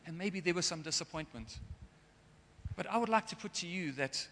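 A man's voice: on the high side, animated, normal speed, bright, forceful tone, a little hiss or hum. A man preaching a sermon in an earnest way, sometimes getting emotional. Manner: earnest, gets emotional at times. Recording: long hall reverb.

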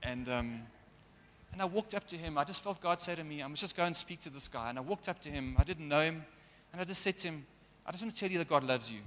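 This is an earnest sermon from a man who sometimes gets emotional. He talks fast in a fairly high, slightly bright voice, heard with slight background noise and a long hall reverb.

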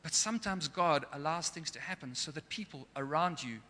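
A man's voice: a little high, animated, brisk, pushed and bright, slight background noise. A man preaching a sermon in an earnest way, sometimes getting emotional. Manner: earnest, gets emotional at times. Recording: long hall reverb.

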